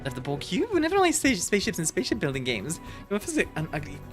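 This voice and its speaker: A woman's voice: on the low side, huge pitch swings, fast talker. A woman streamer chatting casually with her viewers, giggly and rambling, with lots of restarts. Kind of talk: casual chat reading viewer messages. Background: quiet background music.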